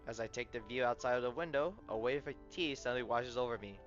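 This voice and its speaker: A man playing through a story game, reading narration and dialogue aloud as he goes. He stumbles over words and corrects himself, with loud excited outbursts. The recording is slightly muffled, with soft game music underneath. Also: mid-range voice, fast talker.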